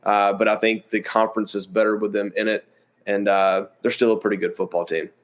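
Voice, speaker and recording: A man's voice: on the low side, flat delivery, a little fast. A man co-hosting a college sports review show, talking in an easygoing, chatty way with fillers. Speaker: co-host. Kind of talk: casual sports chat.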